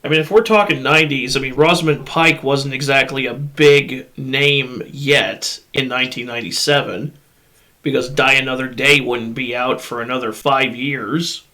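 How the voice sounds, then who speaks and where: A man's voice: mid-range voice, normal speed, bright, forceful tone. A man hosting a casual movie discussion, ranting bluntly and profanely into a USB podcast microphone. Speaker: podcast host.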